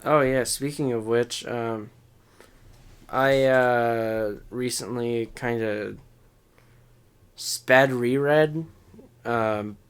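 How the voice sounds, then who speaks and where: A goofy young man chatting on a podcast at a middle pitch. He giggles a lot and breaks into sudden loud outbursts. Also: little pitch movement, takes it slowly, clean tone. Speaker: podcast co-host. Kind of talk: casual chat.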